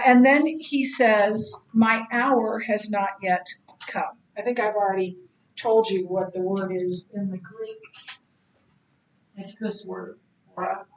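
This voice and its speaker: A middle-aged woman teaching a Bible study lecture, halting often with ums and restarts. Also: mid-range voice, roomy sound, poor audio. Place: church classroom.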